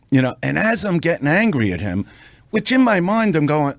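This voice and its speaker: A man, a comedian guest on a podcast, telling a showbiz story in a brash, profane, animated way, building to punchlines on a close studio mic. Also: on the high side, moderate pace, creaky, no room sound.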